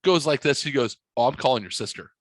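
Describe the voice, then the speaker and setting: A man's voice: mid-range voice, fast, no room sound. Profane man telling a rambling story. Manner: profane, rambling, acts out dialogue in his stories. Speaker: podcast host. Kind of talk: casual storytelling chat.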